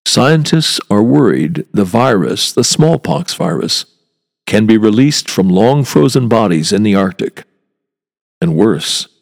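Gravelly low-voiced man, wry podcast monologue. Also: long reverb tail. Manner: wry, chatty, with rhetorical asides. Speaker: walking tour guide and podcast host.

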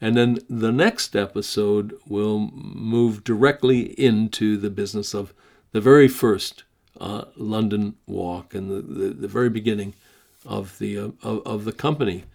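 Slow, gravelly American man hosting a podcast. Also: on the low side, steady tone, a little mellow. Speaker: podcast host. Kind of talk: casual podcast talk and reading a story aloud.

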